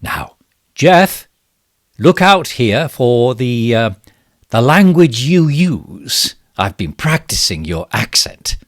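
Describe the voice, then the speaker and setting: A pompous, bumbling minister full of smug self-regard in a comic monologue. His pitch swoops wildly from low murmurs to sudden high exclamations while he drawls at an unhurried pace. The sound is dry and close, with no room around it. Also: very animated, no echo. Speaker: satirical character monologue. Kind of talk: comic monologue as a fake live stream.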